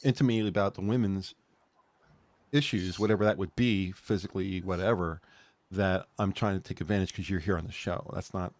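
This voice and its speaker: A man's voice: low voice, steady tone, fairly quick, darkish tone. A man co-hosting a podcast in loose, rambling chat, cracking jokes and laughing at his own asides. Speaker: podcast co-host. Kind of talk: casual chat.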